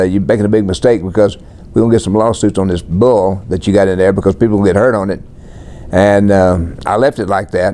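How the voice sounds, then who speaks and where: Man, 80s, deep-ish and warm, unhurried plainspoken interviewee. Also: slight background noise. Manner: laid-back, plainspoken, lists things matter-of-factly. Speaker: country singer being interviewed. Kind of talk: relaxed storytelling interview.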